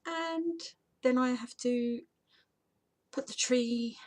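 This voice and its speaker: Her voice sits high and she speaks slowly. A vlogger and podcaster, she sounds tired as she talks casually to camera at home, unscripted and rambling, at times lowering her voice to a whisper.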